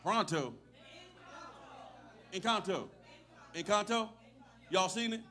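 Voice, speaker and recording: Middle-aged male pastor, very high voice, slangy folksy sermon, shouts and laughs. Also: animated, slow, some chatter behind. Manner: swings from shouting to low storytelling, laughs often; casual, folksy preaching with street slang.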